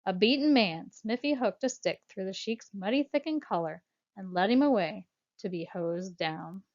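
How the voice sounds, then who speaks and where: A woman narrating a storybook in a measured, expressive way, her voice sitting at a middling pitch. The recording has a dull, lo-fi sound. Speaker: audiobook narrator.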